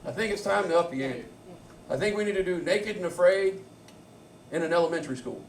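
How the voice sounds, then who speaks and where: A man's voice: high-pitched, animated, fairly quick, slight background noise. A man with a Southern accent doing a brash, crude stand-up set, bantering with the crowd in a bar. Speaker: stand-up comedian. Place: comedy bar stage. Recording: echoey club from far off, crowd.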